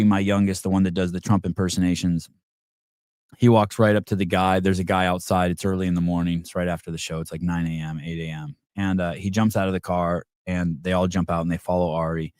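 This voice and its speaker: A middle-aged man with a very low voice hosts a podcast and rambles through a casual story. He swears freely, restarts his sentences and leans on fillers. The recording is dry and close, with no room sound. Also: little pitch movement, fairly quick, clear, resonant tone, dry recording. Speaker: podcast host.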